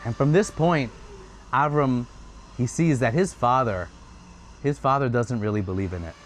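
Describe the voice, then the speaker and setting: A man retelling a story in a casual, conversational way, getting animated at times. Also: medium pitch, normal speed, a little hiss or hum.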